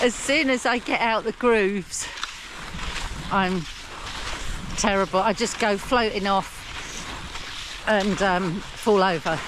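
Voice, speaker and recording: A woman's voice: medium pitch, takes it slowly, pauses often, background noise. An older woman vlogging outdoors in the snow, laughing at herself and swearing casually as she talks. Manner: self-deprecating, swears, laughs often. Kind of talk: casual self-filmed vlog.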